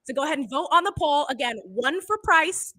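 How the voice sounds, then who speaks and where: A woman hosts a live TV show in a high, bright voice. Her delivery is upbeat and presenter-like as she moves the segment along. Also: animated, fairly quick. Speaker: TV show host. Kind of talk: live TV hosting.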